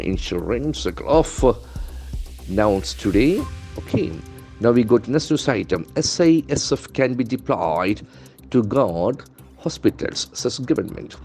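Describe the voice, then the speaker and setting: Man, teacher, low voice, faint music underneath, spells words letter by letter. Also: mellow. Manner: methodical, spells words out letter by letter, keeps calling words beautiful. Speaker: English language trainer. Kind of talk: lesson.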